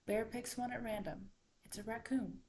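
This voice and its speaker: A woman's voice: on the high side, normal speed, slight background noise, rough recording. A woman retelling a folktale aloud without a book. She tells it expressively and drops into whispers at the tense moments. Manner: expressive, dropping into whispers for suspense. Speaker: student storyteller.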